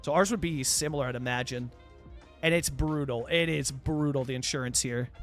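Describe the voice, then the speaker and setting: A man's voice: medium pitch, a little fast, faint music behind. A young Canadian man from British Columbia, chatting casually and rambling on a live game stream, full of fillers as he answers viewers. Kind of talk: casual live-stream chat while playing a city-building game.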